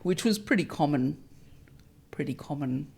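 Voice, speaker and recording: A woman's voice: low voice, animated, normal speed, creaky, darkish tone, breathy edge. A middle-aged Australian woman from Melbourne, a winemaker, answering interview questions in a chatty, self-deprecating way with small hesitations. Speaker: winemaker, guest.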